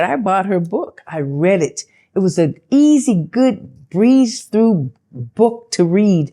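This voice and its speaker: An older woman, an actress, telling a story in a sit-down interview in a chatty, animated way and acting out the dialogue. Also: slow pace. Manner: animated, acts out quoted dialogue with big pitch jumps; chatty, loose, with fillers and self-interruptions.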